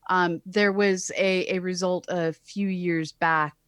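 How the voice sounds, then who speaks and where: A woman's voice: lowish voice, steady tone, slow pace, clean tone, dry recording, studio quality. A woman co-hosting a casual science podcast as an astronomer, explaining with wry, sarcastic asides. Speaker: co-host, astronomer.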